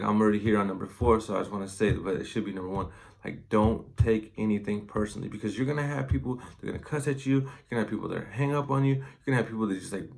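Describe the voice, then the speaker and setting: A man's voice: on the low side, gravelly. A salesman talking casually and loosely, full of fillers, as he gives advice on sales. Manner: conversational, loose, heavy on fillers. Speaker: inside salesman.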